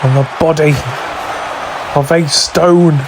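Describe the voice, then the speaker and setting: A man giving excited play-by-play wrestling commentary, shouting through near falls, his voice going hoarse from screaming. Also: fairly high pitch, slow pace, background noise. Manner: shouting near counts, voice straining.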